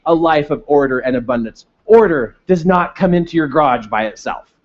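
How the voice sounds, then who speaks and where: A man's voice: fairly high pitch, normal speed, a little hiss or hum. Fired-up male motivational speaker. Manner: energetic, shouts declarations with the crowd. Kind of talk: motivational stage talk leading declarations. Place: large hall with live audience. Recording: muffled event recording.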